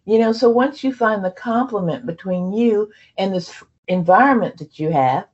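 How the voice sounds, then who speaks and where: A woman's voice: mid-range voice, expressive, moderate pace, a little mellow, husky. Woman presenter, program leader, loose chatty delivery full of fillers, slightly dull audio. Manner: conversational, many fillers and restarts. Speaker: program leader addressing trainees. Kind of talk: onboarding presentation.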